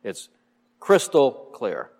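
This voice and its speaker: A man's voice: medium pitch, takes it slowly, gravelly. Man teaching scripture in a reverberant hall. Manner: relaxed, explanatory, frequent "uh" fillers and soft chuckles. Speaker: Bible teacher. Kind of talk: verse-by-verse sermon teaching.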